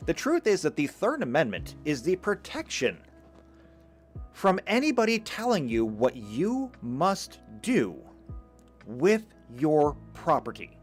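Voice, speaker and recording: Guy giving a live lecture, emphatic, voice rises and falls a lot, some music low behind. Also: slow. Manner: animated, emphatic, with occasional stammered restarts. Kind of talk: live lecture reading chat comments.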